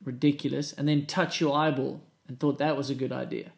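A man interviewing a guest in a relaxed way, amused and reading out questions. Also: medium pitch, a little fast, vocal fry. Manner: amused, laughs along.

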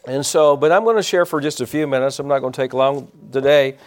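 A man's voice: mid-range voice, a little fast. A man preaching a sermon to his congregation in church, folksy and rambling, breaking off for asides to people in the pews. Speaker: pastor.

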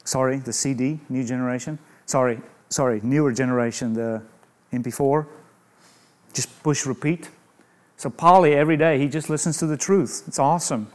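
A man's voice: medium pitch, normal speed. A man preaching a sermon in an emphatic way, asking rhetorical questions and adding humorous asides.

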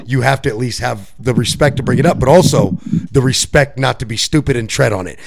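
A man's voice: medium pitch, a little fast, vocal fry, a little hiss or hum. A man from Puerto Rico co-hosting a podcast, chatting casually and loosely, swearing and laughing often. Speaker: podcast co-host. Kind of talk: casual chat.

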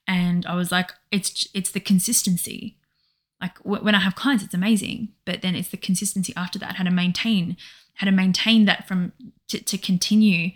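A woman's voice: mid-range voice, fairly even intonation, brisk. A woman co-hosting a podcast in casual personal chat, rambling and emotional, often quoting herself. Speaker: podcast co-host.

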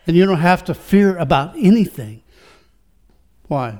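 A male pastor preaching a sermon, using many rhetorical questions and swinging between quiet reflection and rising fervor. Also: high voice, lively intonation, measured pace, long pauses.

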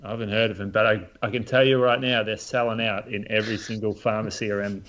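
A man's voice: on the low side, little pitch movement, quick pace, fairly bright tone, highs cut off, slight background noise. A man, a podcast co-host and running coach, giving opinions in casual chat.

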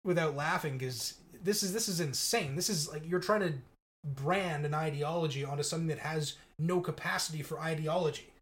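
A man co-hosting a casual podcast, talking in a sarcastic, incredulous way and quick to mock ideas he finds absurd. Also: on the high side, fairly bright tone. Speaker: podcast co-host.

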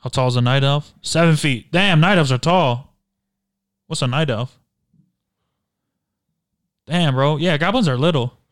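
A man's voice: on the high side, a little slow, pauses often, dry recording. Skeptical teasing man, dry sound. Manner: skeptical, teasing, blunt questions. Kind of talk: casual podcast chat.

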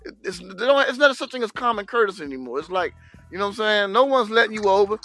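A man's voice: high voice, fast talker, faint music behind. A man co-hosting a casual chat, telling road stories and acting out angry drivers with swearing. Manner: animated, acts out angry drivers with profanity. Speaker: podcast co-host.

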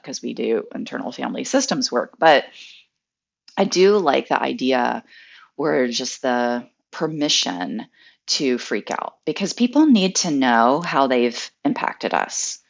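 A woman coach talking through ideas in a relaxed, measured, conversational way during a podcast chat. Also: rumbling low, gravelly.

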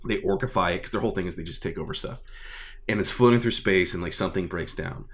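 A man chatting casually and excitedly about a tabletop game, rambling with lots of fillers. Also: deep voice, quick pace. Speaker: tabletop gaming enthusiast. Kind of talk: casual chat.

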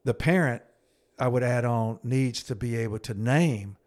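A middle-aged man tells a story from his counseling work in an earnest, halting way. He restarts his sentences often, and his voice sits at an ordinary middle pitch. When he quotes someone, he sinks into a low, hushed tone. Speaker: podcast co-host and counselor. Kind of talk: conversational storytelling.

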